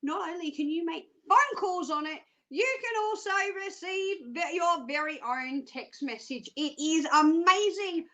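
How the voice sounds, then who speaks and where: Australian female presenter, psychic phone-in host, high bright voice, chatty and giggly. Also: animated, unhurried, few pauses, low-quality recording. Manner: chatty, self-mocking, giggly. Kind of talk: live TV psychic readings.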